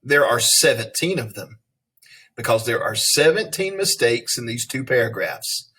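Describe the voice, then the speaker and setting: A man's voice: medium pitch, expressive, moderate pace, pushed and bright, breathy edge. A male teacher giving an online reading lesson, patiently talking students through a spelling list word by word.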